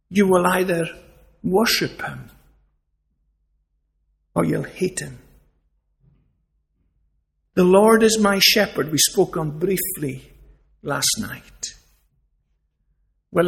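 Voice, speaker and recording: Man, sermon, high-pitched, unhurried delivery, rhetorical questions. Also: vocal fry, a bit bright. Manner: earnest, emphatic, rhetorical questions. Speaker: preacher.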